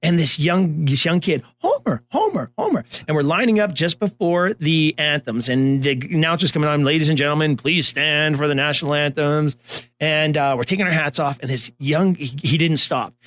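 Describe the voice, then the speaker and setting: A man co-hosting a casual talk show, telling animated stories and acting out the voices of the people in them. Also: a little high, moderate pace. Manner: animated storyteller, acts out voices. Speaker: co-host, former baseball coach. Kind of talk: storytelling in casual chat.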